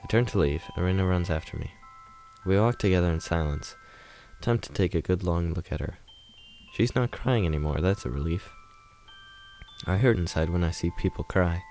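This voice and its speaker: A man reading a visual novel aloud as a gentle, warm-hearted young girl narrator, in a soft, earnest inner monologue. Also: deep voice, moderate pace, faint music behind. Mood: tender.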